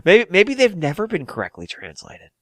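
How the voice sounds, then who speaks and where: Animated jokey male podcast host. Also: high-pitched, dry recording, clean studio sound. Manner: animated, jokey, quick asides and impressions. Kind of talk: casual comedic podcast chat.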